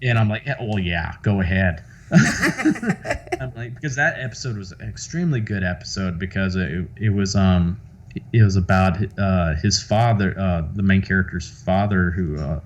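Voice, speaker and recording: Southern man rambling through a dull call. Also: deep voice. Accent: light Southern US. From American South. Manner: rambling, full of fillers and restarts. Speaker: guest actor. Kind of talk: casual interview chat.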